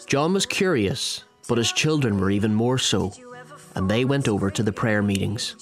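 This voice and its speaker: A man narrating a documentary in a measured, scripted way. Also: on the low side, lively intonation. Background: music.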